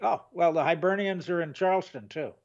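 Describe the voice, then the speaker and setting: A man's voice: fairly high pitch, fairly quick, highs cut off. An older man co-hosting a casual chat, rambling and trailing off mid-sentence. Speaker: co-host.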